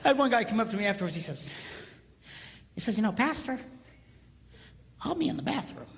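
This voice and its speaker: A man in his fifties, a pastor, telling comic marriage stories to an audience and shouting his punchlines. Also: high-pitched, brisk. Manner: animated storyteller, shouts punchlines. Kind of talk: comedic marriage seminar talk. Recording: echoey hall with faint background.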